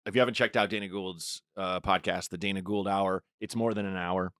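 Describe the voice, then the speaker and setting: A man's voice: deep voice, brisk, dry recording, clean studio sound. A male comedian hosting a podcast, chatting casually and telling stories with lots of acted-out bits. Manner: animated storyteller, acts out bits and impressions. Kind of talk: casual chat.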